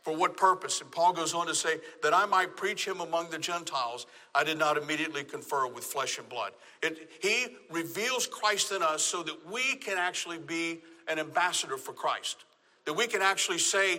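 Texan preacher with a bright voice. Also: male voice, a little high, moderate pace, big-room sound. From Texas. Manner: emphatic preaching, repeats phrases. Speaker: pastor. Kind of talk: sermon.

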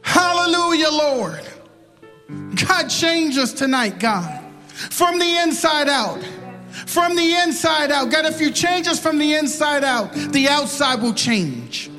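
A man's voice: extremely high pitch, expressive, slow, pushed and bright, long reverb tail, soft background music. A man preaching and leading an altar-call prayer, building into impassioned, repetitive pleading. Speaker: pastor.

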